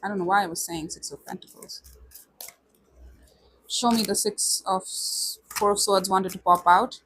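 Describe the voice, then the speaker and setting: A woman's voice: mid-range voice, steady tone, moderate pace, a bit bright, a little hiss or hum, low-quality recording. A woman doing a casual tarot reading, talking straight to the viewer, calling them honey and voicing their feelings back to them. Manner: chatty, speaks for the viewer in quoted first person, calls them honey. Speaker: tarot reader.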